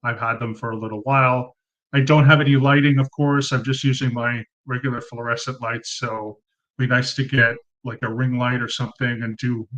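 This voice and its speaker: A man's voice: mid-range voice, a bit bright, dull audio. A man in his thirties hosting a casual live Q&A at home on a cheap desk mic, chatty and rambling with lots of ums and uhs. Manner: chatty, rambling, many ums and uhs, thanks viewers by name. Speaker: livestream host. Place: room at home under fluorescent lights.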